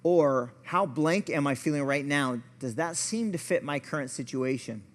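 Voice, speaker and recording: A man's voice: fairly high pitch, moderate pace. Man teaching a church class, hall echo. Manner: conversational, storytelling, self-deprecating. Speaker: pastor and family therapist teaching a class.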